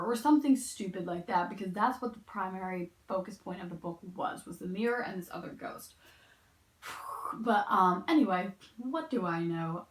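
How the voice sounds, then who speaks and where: A woman's voice: medium pitch, vocal fry. A young woman reviewing a book in a casual, rambling and opinionated way, heavy on "like" and "um", sounding tired as she sits in a chair indoors. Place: indoor room, sitting in a chair. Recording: echoey room.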